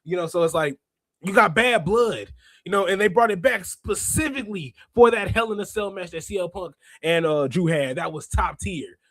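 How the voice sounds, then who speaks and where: A man hosting a wrestling review podcast, chatting casually and slangily, reading out chat comments and bursting into laughs and shouts. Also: high-pitched, normal speed, no echo. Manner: excitable, laughs often and breaks into shouts; slangy, talks straight to chat readers. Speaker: podcast host.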